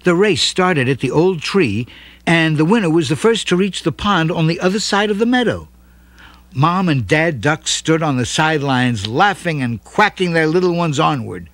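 A man narrating a children's storybook with expressive, animated delivery. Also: a little high, moderate pace, no echo.

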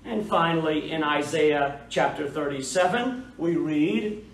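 A male pastor with an East Texas accent teaching a Bible study in a church, in a measured, emphatic way that repeats key phrases. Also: a little high. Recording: echoey room, mic far off.

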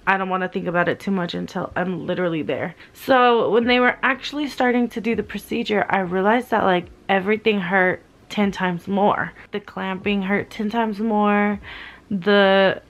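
A woman's voice: mid-range voice, normal speed. A young woman vlogging in a casual, candid way while in pain, swearing freely and saying "like" often. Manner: candid, swearing, heavy use of "like". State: in pain, weary. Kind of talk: casual vlog storytelling.

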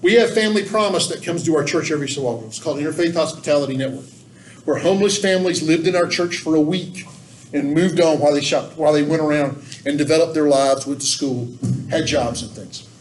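A man's voice: a little high, fast. Folksy man trainer in an echoey room. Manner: folksy, earnest, emphatic. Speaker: church volunteer trainer. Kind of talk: training talk with anecdotes. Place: church room. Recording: echoey room, distant mic, faint background noise.

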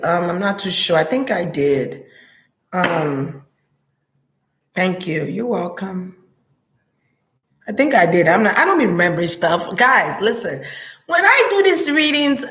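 A woman spiritual reader talking slowly and intensely, often repeating prayer words as if chanting. Her voice sits at a medium pitch and carries a noticeable echo from the room around her. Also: a bit bright. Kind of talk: spiritual reading monologue.

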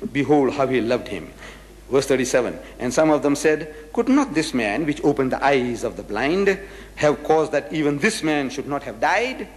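A man giving a religious lecture, reading scripture verses aloud and explaining them with rhetorical questions. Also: mid-range voice. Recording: echoey hall with long reverb.

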